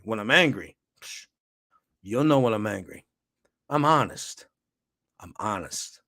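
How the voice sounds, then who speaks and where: A man, a pastor hosting his own show, giving an impassioned monologue, repeating phrases for emphasis and swinging from near-whispers to forceful lines. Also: mid-range voice, dry recording, clean studio sound.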